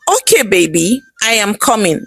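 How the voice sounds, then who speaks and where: A spellbound grown son, as a woman narrator puts him on, with a Nigerian accent and a flat, mechanical delivery. There is no real lowering of her own voice, which stays dry and close. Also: normal speed, creaky, husky, dry recording, faint music behind, exaggerated voice. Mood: dazed.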